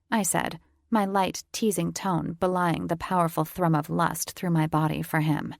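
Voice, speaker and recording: Woman narrating a romance audiobook, gravelly. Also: lowish voice, fairly even intonation, moderate pace, hardly any pauses, dry recording, studio quality. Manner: intimate, teasing first-person reading.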